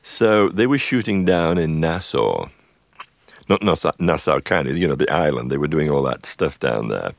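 A very deep, gravelly voice belongs to an older man recounting studio anecdotes as a radio guest. He rambles, trips over his own sentences and chuckles along the way. The sound is close and dry. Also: sing-song, moderate pace, no room sound. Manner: rambling, self-interrupting, chuckling. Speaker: film composer guest. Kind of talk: radio interview, anecdotal storytelling.

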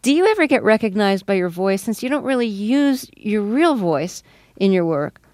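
A woman hosting a radio interview, asking calm, direct questions. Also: medium pitch, normal speed, dry recording, studio quality.

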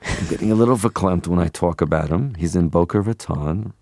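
A man's voice: sits low, brisk, darkish tone, voice pushed down. A man doing a fussy, kvetching New York lady. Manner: gossipy, lamenting. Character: fussy chatty older New York woman.

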